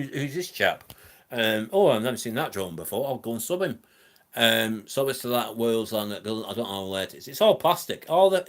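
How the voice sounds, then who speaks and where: A man with a northern Lancashire accent hosting a live stream from home, chatting casually in a rambling way with many ums and reading out comments from the chat. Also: lowish voice. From England.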